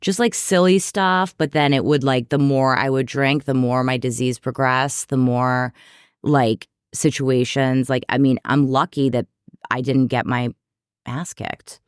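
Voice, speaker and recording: A woman from New York, a podcast guest and therapist, telling candid stories in an animated, self-deprecating way. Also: extremely low pitch, a little slow, smooth, dry recording, studio quality. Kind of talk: candid storytelling in conversation.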